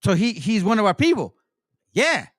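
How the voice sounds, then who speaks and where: High, animated male storyteller. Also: moderate pace, dry recording, clean studio sound. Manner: animated storyteller, acts out quotes, profane. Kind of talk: casual discussion.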